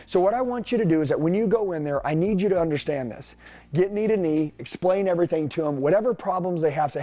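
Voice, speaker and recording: A man coaching salespeople in an energetic, punchy way, firing off rhetorical questions. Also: high voice, brisk. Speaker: sales trainer.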